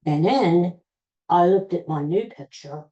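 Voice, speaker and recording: A middle-aged man rambles through a casual story, poking fun at himself. His voice is soft and mellow. The recording has a roomy echo. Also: high-pitched, animated, a little slow, lo-fi sound. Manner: rambling, self-deprecating humor. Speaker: podcast host.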